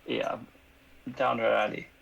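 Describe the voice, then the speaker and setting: Gravelly-voiced man playing a tabletop game. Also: mid-range voice, flat delivery, a bit bright, muffled recording. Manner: asks questions with halting restarts. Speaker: player. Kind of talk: casual tabletop game chat.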